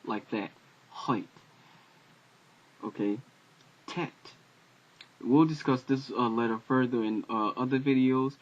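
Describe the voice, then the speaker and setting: A man giving an informal home-made alphabet lesson, talking haltingly with many fillers and self-corrections. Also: mid-range voice, fairly even intonation. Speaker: language teacher. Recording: dull lo-fi home video audio.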